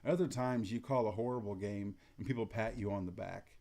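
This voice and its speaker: A middle-aged man giving calm, matter-of-fact advice to umpires, acting out what to say to coaches in a flat, even tone. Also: lowish voice, a little fast. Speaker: umpire instructor. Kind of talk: instructional talk to umpires.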